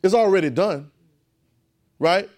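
A preacher with a somewhat high voice teaches a Bible class and draws spoken answers from the room. He hammers points through repetition and often sinks to a low, hushed voice for reverence. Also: slow. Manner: emphatic and repetitive, often dropping to a low, quiet voice. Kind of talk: call-and-response Bible teaching.

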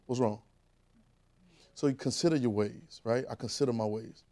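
A man preaching a conversational sermon, repeating phrases and rising to shouted calls. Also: mid-range voice, moderate pace.

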